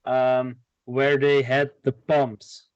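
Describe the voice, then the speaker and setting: A man playing a tabletop game who shouts his actions excitedly in character. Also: medium pitch, very slow, smooth, no echo, dull audio. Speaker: player.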